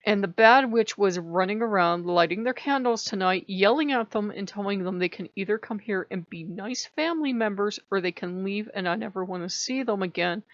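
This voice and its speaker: A woman talking to camera at home as a Wiccan vlogger, telling a story in a casual, animated way and laughing often. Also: mid-range voice, no room sound. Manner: animated, laughs often, voices her own quoted outbursts. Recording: dull, dry lo-fi sound.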